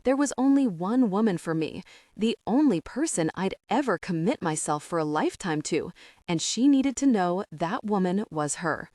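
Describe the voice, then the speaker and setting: A woman narrating a romance audiobook in a steady, intimate way. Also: mid-range voice, moderate pace, no room sound, studio quality. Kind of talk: scripted narration.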